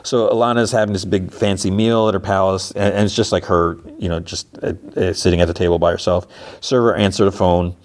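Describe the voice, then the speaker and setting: Low-voiced male podcast host, loose and rambling, retelling a story. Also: fairly even intonation, fairly quick. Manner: rambling, filler-heavy storytelling. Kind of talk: casual episode recap.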